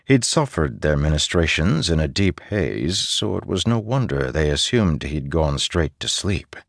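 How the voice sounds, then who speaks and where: Deep-voiced, slow male narrator. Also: gravelly, no room sound, clean studio sound. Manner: measured and expressive. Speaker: audiobook narrator. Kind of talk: scripted fantasy narration.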